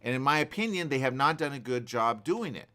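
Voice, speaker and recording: Animated, emphatic male radio host. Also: medium pitch, a little fast. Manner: animated, emphatic, repeats himself. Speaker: radio talk show host. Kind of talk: opinionated news commentary.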